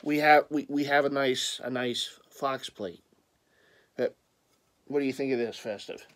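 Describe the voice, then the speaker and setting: A man's voice: medium pitch, measured pace, fairly bright tone, slight background noise. A man with a Philadelphia accent, chatting casually on his vlog about his purchases and rambling with lots of stammered restarts and playful teasing. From Philadelphia area. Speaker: vlogger.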